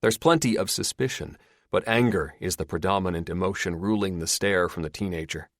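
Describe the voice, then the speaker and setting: In a clean studio recording with no room sound, a man reads an audiobook script. His voice sits low, and his delivery stays steady and measured.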